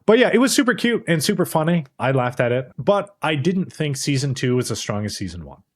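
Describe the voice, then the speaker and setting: A man's voice: on the high side, big pitch swings, a little fast. A man co-hosting a podcast, chatting casually about anime, rambling and swearing freely, briefly acting out characters' lines. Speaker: podcast co-host. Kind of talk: casual anime review chat.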